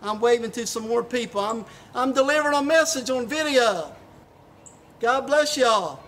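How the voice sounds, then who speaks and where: A passionate preacher delivers a sermon for a church live stream, alternating between powerful surges and soft, reverent moments. Repeated, stumbling words are common, and a light hiss runs under his voice.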